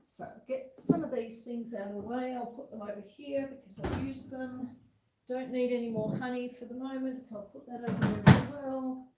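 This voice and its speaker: A woman's voice: a little high, fairly even intonation, normal speed, roomy sound, very noisy. An Australian woman hosting a casual live-stream baking chat from her home kitchen. She is chatty and self-deprecating, and she reads viewers' messages aloud while she cooks.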